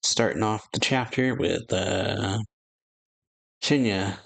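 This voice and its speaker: Man, low voice, gravelly fry, casual manga recap, rambling fillers, flat read-out dialogue. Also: slow. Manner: rambling, many "and so, yeah" fillers; reads characters' lines in a flat recap voice. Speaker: anime reaction channel host.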